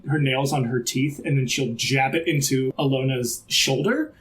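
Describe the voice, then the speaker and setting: A man game master narrating a tabletop role-playing game, talking in a loose, rambling way packed with fillers. His voice sits at an ordinary middle pitch. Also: moderate pace, a bit bright.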